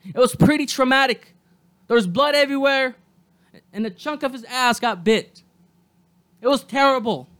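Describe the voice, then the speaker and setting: High-voiced ranting podcast host. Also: normal speed, long pauses. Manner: angry, profane ranting with shouted bursts. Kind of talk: solo podcast rant.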